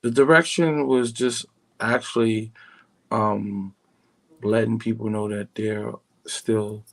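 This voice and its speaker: A middle-aged man with a New York accent, calm and smooth, talking as a guest on a casual radio show from his home. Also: on the low side, slow, rough recording. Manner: calm, smooth, laid-back. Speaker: guest singer and producer.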